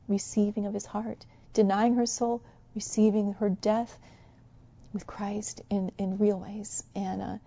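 A woman preaching a sermon, soft and musing at times and fervently exhorting at others. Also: mid-range voice, gravelly, muffled recording.

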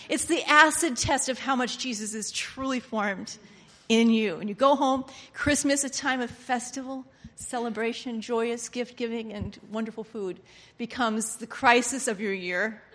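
A woman preaching a sermon, switching from hushed, confiding lines to loud, excited outbursts. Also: fairly high pitch. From Pennsylvania. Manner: animated, swinging from hushed to loud exclamations. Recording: long hall reverb.

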